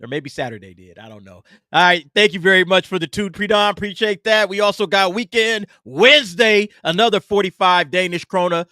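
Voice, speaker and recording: Bright-voiced man hosting a livestream. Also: high voice, expressive, no echo, studio quality. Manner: laid-back, reads super chats aloud with quick asides. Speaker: podcast host. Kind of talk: casual livestream chat.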